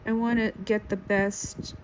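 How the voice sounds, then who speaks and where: A woman's voice: mid-range voice, level tone, a little slow, slight background noise, poor audio. Self-critical woman talking through a drawing. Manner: self-critical, muttering to herself while drawing. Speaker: drawing tutorial creator. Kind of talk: casual drawing tutorial commentary. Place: home.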